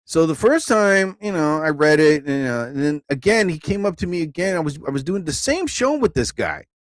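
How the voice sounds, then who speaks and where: A man hosting a live stream, telling rambling stand-up stories casually, laughing often and jumping into higher voices to act out quotes. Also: sing-song, fairly quick, dry recording. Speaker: live show host, comedian.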